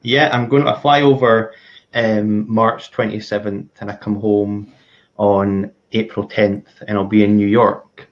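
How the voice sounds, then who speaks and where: A man's voice: fairly low pitch, level tone, unhurried, dull audio. A male guest medium on a remote video call, talking hesitantly with many fillers. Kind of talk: casual live-stream chat.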